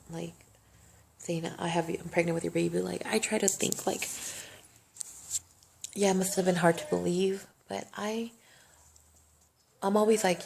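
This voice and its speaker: A woman's voice: fairly low pitch, creaky, darkish tone, a little hiss or hum. A young woman vlogging a personal story, emotional and rambling, swearing freely. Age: young adult. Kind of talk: casual storytime monologue.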